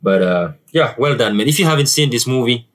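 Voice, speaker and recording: A man's voice: medium pitch, animated, a little fast, poor audio. A man with an African accent giving a casual, chatty movie review to camera, often repeating words and using fillers.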